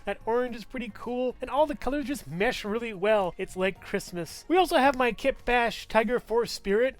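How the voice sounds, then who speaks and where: A man hosting a casual toy review, chatting enthusiastically and thinking aloud as he goes. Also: sits high. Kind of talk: casual action figure review.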